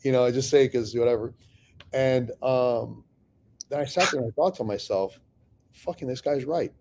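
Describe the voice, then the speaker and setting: Telling his business story in a casual, profane manner, a middle-aged real estate investor acts out both sides of old conversations. He speaks at medium pitch and a moderate pace over background noise.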